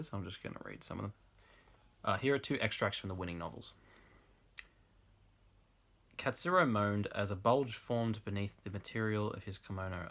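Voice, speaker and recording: Low-voiced young man reading aloud. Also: a bit bright. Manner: laughs through the reading, casual asides. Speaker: host reading fan fiction aloud. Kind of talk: comic dramatic reading with asides.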